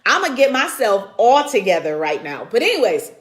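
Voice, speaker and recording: A woman with a fairly high voice hosts a faith talk streamed live from her computer. She speaks in an earnest, preacherly way and greets her viewers by name. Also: big pitch swings, normal speed. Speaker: women's conference host and speaker. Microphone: computer camera mic.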